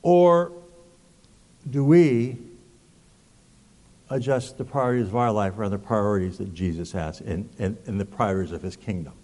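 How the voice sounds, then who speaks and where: A man's voice: fairly low pitch, normal speed, pauses often, mellow. A male pastor preaching a sermon, emphatic, asking rhetorical questions and repeating words. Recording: long hall reverb.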